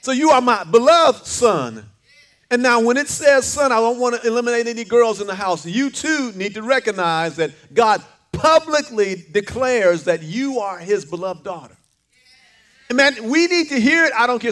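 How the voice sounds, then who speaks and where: A man's voice: very high voice, expressive, moderate pace, fairly bright tone. An older man preaching a sermon, fervent, with call-and-response lines and repeated words. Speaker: pastor.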